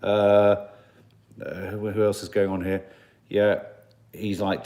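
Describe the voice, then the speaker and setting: Unhurried and dark in tone, this man's low voice barely moves in pitch as he hosts a relaxed live stream. He chats aimlessly, reads viewer comments aloud, and often restarts or goes off on tangents.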